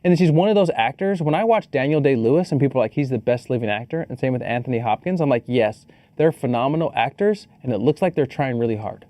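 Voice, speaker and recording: Male co-host, relaxed mellow tone, dry close sound, casual animated movie talk. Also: mid-range voice, fast, hardly any pauses, no room sound. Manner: animated, joking, swears casually. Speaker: podcast co-host. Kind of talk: casual movie review chat.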